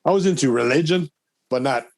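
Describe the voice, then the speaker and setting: A man in his thirties tells a personal story on a podcast, talking casually at a middle pitch. He is animated and often acts out the voices of the people in his story. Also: brisk, dry recording. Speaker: podcast guest, adoptee.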